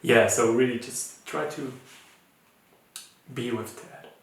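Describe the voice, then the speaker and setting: Mindfulness teacher, male, non-native English speaker, gentle and halting, recorded far off in an echoey room. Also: medium pitch. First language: not English. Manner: gentle, searching, with many fillers and restarts. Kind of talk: informal recorded talk.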